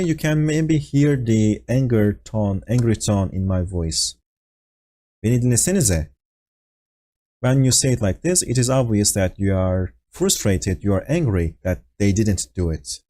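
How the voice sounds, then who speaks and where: A man's voice: lowish voice, animated, normal speed, hardly any pauses, dark tone. A man teaching a language lesson over an online voice call, explaining patiently with fillers and acting out example phrases. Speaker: Turkish teacher. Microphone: voice call on Discord.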